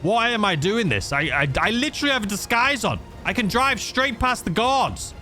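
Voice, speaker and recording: A man's voice: high voice, sing-song, normal speed, bright, forceful tone, soft background music. A man giving rambling, self-mocking gameplay commentary that tips into frustration. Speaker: gaming YouTuber.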